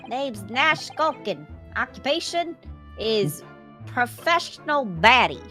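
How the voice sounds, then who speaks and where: A woman's voice: a little high, sing-song, takes it slowly, bright, forceful tone, soft background music, heavily acted. A woman voicing a swaggering young male thief, slangy and boastful.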